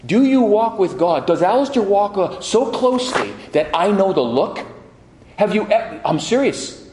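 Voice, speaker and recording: A middle-aged man preaching a sermon, telling stories with lively quoted voices and frequent restarts. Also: high voice, normal speed, slight background noise. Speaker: pastor. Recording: echoey hall.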